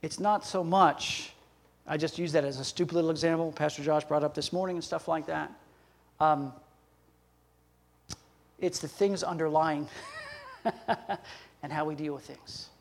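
A man's voice: on the high side, steady tone, unhurried, long pauses. An older man preaching a sermon as pastor, folksy, with laughing asides and acted-out bits of dialogue.

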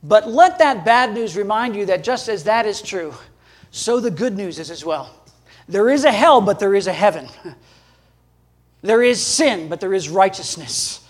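A male pastor delivering a sermon in a notably high voice. He preaches emphatically, jumping up in pitch and loudness to drive points home. He chuckles between points. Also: lively intonation, measured pace. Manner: emphatic, with sudden rises in pitch and volume.

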